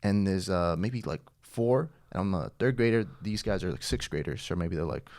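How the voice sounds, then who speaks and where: A man, a podcast guest, telling an animated story in casual chat, swearing and laughing along the way. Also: deep voice, moderate pace.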